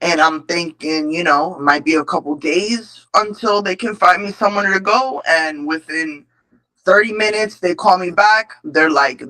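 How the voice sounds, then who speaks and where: In a rough recording, a man gives a personal recovery testimony at a support meeting, candid, emotional and full of swearing. His voice sits high, with a sharp tone, and he speaks at normal speed.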